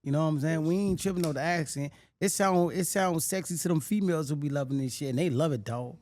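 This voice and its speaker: A man's voice: on the high side, quick pace, a little mellow. A man with a New Orleans accent, a rapper talking casually in an interview with a slangy, swaggering manner. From Washington D.C. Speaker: rapper guest.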